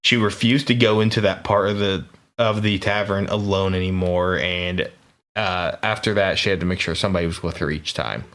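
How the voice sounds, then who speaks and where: A man's voice: sits low, steady tone, brisk, fairly bright tone. An American man co-hosting a podcast, recounting ghost reports in a laid-back, jokey way with hesitant restarts. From United States. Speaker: podcast co-host. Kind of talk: casual chat, reading paranormal research.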